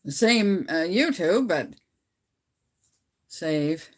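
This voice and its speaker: A woman's voice: on the low side, lively intonation, drawn-out words. A middle-aged woman from Canada chatting casually with viewers on a livestream from home on her phone, rambling and laughing often. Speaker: livestream host. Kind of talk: casual live chat with viewers.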